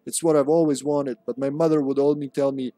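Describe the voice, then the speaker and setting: A self-pitying would-be novelist facing his end, as a man puts him on. He reads his last words in a melodramatic, mournful way, a touch higher than a plain speaking voice. The figure comes from a survival horror game. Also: steady tone, fairly quick, dark tone, no echo, close to an everyday voice.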